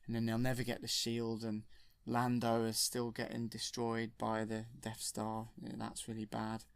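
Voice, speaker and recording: Rambling storyteller, gravelly edge, dry close sound. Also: male voice, lowish voice, monotone, normal speed, no room sound. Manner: rambling and enthusiastic, with self-corrections. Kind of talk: retelling a film from memory.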